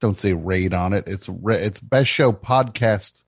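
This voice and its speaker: A man hosting a comedic radio show, riffing brashly and swinging between mock shouting and muttering. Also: low voice, a little slow, breathy edge, no echo, studio quality. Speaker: host. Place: radio studio.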